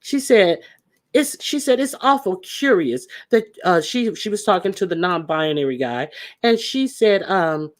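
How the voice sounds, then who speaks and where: A host speaking in gives casual commentary on online drama. The voice sits at a middle pitch. The talk rambles and turns confrontational, full of fillers and restarts. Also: lively intonation, measured pace.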